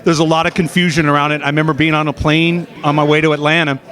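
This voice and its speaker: A man's voice: on the high side, little pitch movement, fast, fairly bright tone. A middle-aged man in a casual interview, telling stories with many fillers and restarts, recorded outdoors at an expo. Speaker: guest, former steeplechaser.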